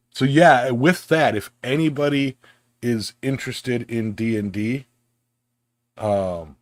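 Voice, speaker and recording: A man's voice: lowish voice, dry recording. A man hosting a podcast in casual, joking chat, full of fillers and restarts. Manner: laid-back, filler-heavy and joking. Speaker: podcast host.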